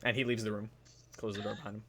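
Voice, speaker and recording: A man narrating a tabletop game as game master, pausing often with fillers. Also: lowish voice, level tone, sharp tone, slight background noise. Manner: hesitant, filler-heavy narration.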